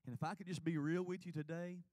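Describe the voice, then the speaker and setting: A man's voice: a little high, steady tone, quick pace, darkish tone, dry recording. A man, preaching in church and telling his own testimony in an earnest, confessional way. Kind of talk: sermon testimony. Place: church sanctuary.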